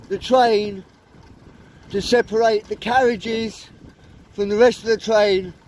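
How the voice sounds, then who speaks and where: Chatty man vlogging beside a country road, fairly high voice, mic some way off. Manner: chatty, self-correcting. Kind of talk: casual storytelling. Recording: distant mic with loud outdoor noise.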